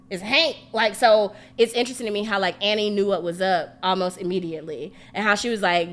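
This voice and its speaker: A woman co-hosting a casual podcast. Her voice sits at a middle pitch. She talks frankly and with energy, drops swear words freely and fills her sentences with "like". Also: fast talker, few pauses. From family roots in Mississippi and Louisiana. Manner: animated, frank, swears freely, many "like" fillers. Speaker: podcast co-host.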